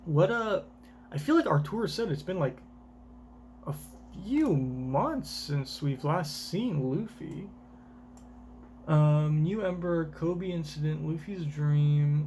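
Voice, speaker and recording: Slow, rambling male reaction streamer. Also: fairly high pitch, dark tone, slight background noise. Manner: rambling, swears casually, thinks aloud. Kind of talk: casual live reaction commentary.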